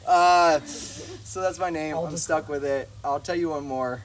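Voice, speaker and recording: A man speaking to a group outdoors, telling self-deprecating stories in an animated way. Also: high voice, normal speed, over a noisy crowd. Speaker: devotional speaker and host. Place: outdoors in a grove.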